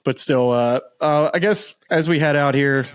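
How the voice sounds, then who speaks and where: A man's voice: fairly high pitch, normal speed, clean tone, dry recording. A young adult man hosting a casual podcast interview, laughing often and telling easygoing stories. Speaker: podcast host.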